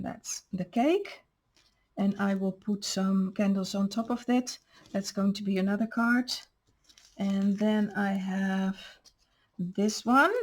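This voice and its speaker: A woman's voice: mid-range voice, darkish tone. A woman hosting a craft channel, patiently explaining step by step how she made each paper piece. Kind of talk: crafting show-and-tell.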